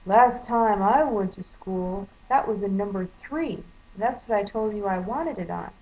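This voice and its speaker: A woman's voice: medium pitch, normal speed, lightly acted. A woman putting on the voice of a condescending older male customer, patronizing and mocking, on a dull lo-fi home video.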